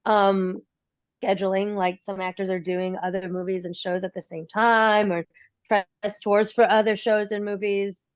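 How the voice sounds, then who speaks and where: A woman's voice: medium pitch, little pitch movement, unhurried, no echo, dull audio. A woman chatting casually as a podcast guest, rambling with many likes and restarts. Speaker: guest, film fan who acts.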